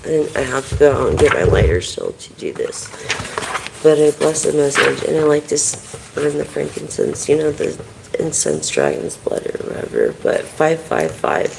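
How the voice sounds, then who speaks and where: A card reader on a casual live stream, talking in a deeply gravelly, fry-heavy voice over faint background noise. The delivery rambles and swears at nearly every turn while chatting to viewers by name. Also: very animated, moderate pace. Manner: profane, swears constantly. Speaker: tarot and oracle card reader.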